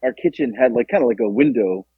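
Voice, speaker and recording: Lively, husky-voiced man telling a story. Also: fast talker, no room sound. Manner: animated, acts out quotes with jumps in pitch. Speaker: podcast co-host. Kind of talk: casual storytelling. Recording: dull lo-fi, dry.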